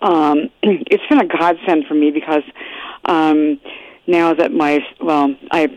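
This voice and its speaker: A woman calling in to a radio show, speaking hesitantly with many pauses. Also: sits low, steady tone, a little mellow, no room sound. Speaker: caller. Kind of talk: casual phone-in chat. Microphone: telephone. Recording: dull phone line.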